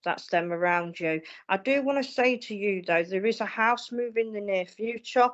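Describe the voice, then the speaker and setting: A woman's voice: medium pitch, moderate pace, muffled recording. A woman working as a psychic medium, giving readings on a live stream in a reassuring manner, calling people darling and lovely.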